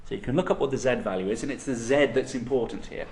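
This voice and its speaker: A man delivering a university physics lecture at a steady, mid-pitched level. He explains ideas step by step and keeps checking in with his students. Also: fast. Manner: explanatory, frequent "okay?" checks.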